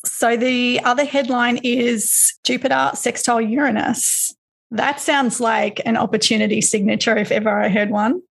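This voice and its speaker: A woman hosting an astrology talk, chatting in a relaxed way and telling personal stories. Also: on the high side, normal speed, creaky, breathy edge. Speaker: astrology podcast host. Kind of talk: casual conversation.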